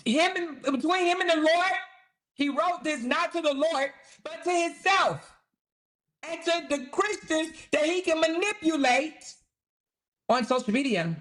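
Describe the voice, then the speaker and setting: A woman's voice: sits high, fairly bright tone. A woman hosting a commentary livestream, talking in a blunt, sarcastic, profane way. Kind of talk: casual commentary.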